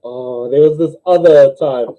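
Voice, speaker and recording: A young man with a New Zealand accent, hosting a casual livestream, telling jokes and stories, giggling often and squeaking when he voices characters. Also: unhurried. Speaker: livestream host. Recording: dull lo-fi livestream audio.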